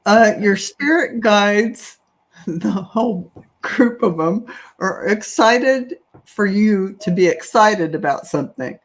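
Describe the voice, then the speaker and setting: A woman working as a psychic medium, gently passing on spirit messages in an unhurried, reassuring way with soft fillers. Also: on the low side.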